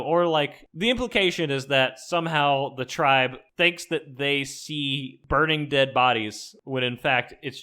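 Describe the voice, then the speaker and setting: A man's voice: mid-range voice, a bit bright, clear, resonant tone. A man casually recapping an old TV episode, rambling with lots of filler words and frequent laughs. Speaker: podcast host recapping an episode. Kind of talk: casual chat.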